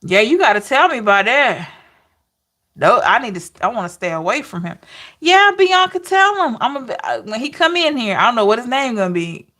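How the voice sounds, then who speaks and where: A woman's voice: on the high side, very animated, a little fast, bright, forceful tone. A woman tarot reader chatting casually with viewers on a livestream, often laughing and reading out names from the chat.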